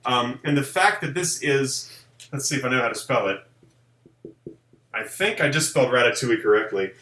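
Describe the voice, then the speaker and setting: A man hosting a live stream in casual chat, animated and jokey, reading out viewer comments and ranking films. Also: normal speed, reverberant. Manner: animated, jokey, does mocking high voices. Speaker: live show host.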